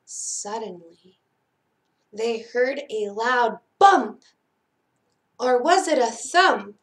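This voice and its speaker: A woman reading a children's picture book aloud at library storytime, expressive and dropping softer for suspense. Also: fairly high pitch, very slow, long pauses. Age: adult.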